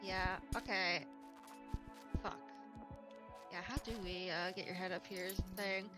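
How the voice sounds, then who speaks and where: A woman's voice: fairly low pitch, little pitch movement, unhurried. A young woman streaming a co-op game, giving directions with frequent giggles and swearing. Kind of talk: casual co-op gameplay chat. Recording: game music behind voice.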